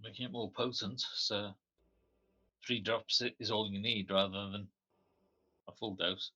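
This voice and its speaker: A man speculates aloud while playing a tabletop game. His voice sits low and sounds sharp and bright. Faint music runs under him. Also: steady tone, unhurried, slightly rough, dull audio. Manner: short reactions and spoken guesses. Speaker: player. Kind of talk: casual game chat.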